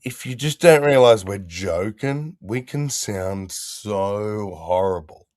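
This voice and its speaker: An Australian man with a lowish voice talks in a blunt, profane, joking way. The sound is dry and close, like a video call. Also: lively intonation, slow, darkish tone, no echo. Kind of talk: casual chat.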